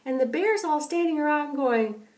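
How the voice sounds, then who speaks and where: A grandmother telling a bedtime story in an animated, dramatic way, recorded from a distance. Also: fairly high pitch. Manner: animated, dramatic, slow and expressive.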